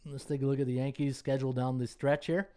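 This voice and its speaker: Rambling sports betting podcast host. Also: male voice, medium pitch, little pitch movement, quick pace, dark tone. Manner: rambling, thinking aloud, talks to chat viewers; many fillers and restarts, checks schedules on screen. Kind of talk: casual live-stream chat.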